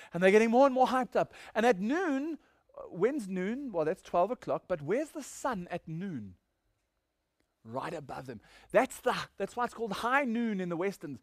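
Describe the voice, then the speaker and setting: A man's voice: high-pitched, dry recording, clean studio sound. A man preaching a sermon, reading scripture and asking rhetorical questions with mocking asides.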